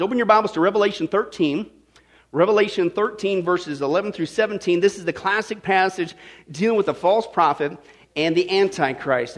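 A man preaching a sermon to a congregation, folksy and joking, often checking in with the crowd. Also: high voice. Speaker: pastor. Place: church service before a congregation.

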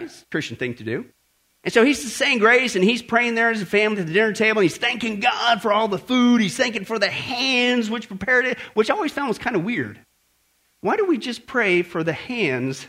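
A man's voice: high voice, bright, forceful tone, slightly rough. A man preaching a sermon as pastor, asking the congregation rhetorical questions and telling a story.

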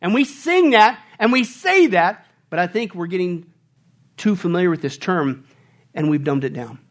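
A man preaching a sermon as pastor, swinging from quiet asides to loud, mocking bursts. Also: sits high, expressive, moderate pace.

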